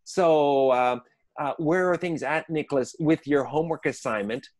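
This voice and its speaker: A man's voice: on the high side, normal speed, darkish tone. A man who trains people in conflict management, explaining ideas conversationally and acting out inner voices in short asides. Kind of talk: conversational teaching on a podcast.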